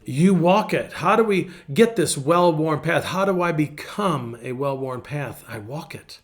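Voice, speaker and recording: A man's voice: a little high, measured pace. A man, a pastor, giving a casual, folksy devotional talk in front of a virtual background, repeating phrases for emphasis.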